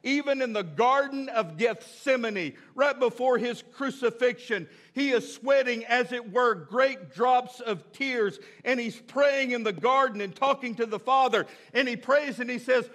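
A preacher delivers an emphatic sermon in a high voice for a man. He stresses and repeats his key phrases. His pace swings from drawn-out lines to quick bursts. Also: a bit bright. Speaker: pastor.

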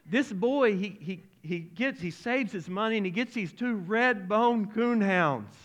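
A pastor preaching in a folksy, animated way, stumbling over his words as he speaks. His voice sits a little high for a man. He leans into emotional storytelling. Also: measured pace. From Arkansas-Oklahoma region. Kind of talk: sermon.

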